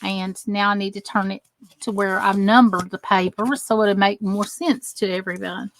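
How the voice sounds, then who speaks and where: A middle-aged American woman with a mid-range voice hosts a live crafting tutorial, speaking at a normal speed with fairly even intonation. She's chatty and greets viewers by name while working with her hands on her crafting channel.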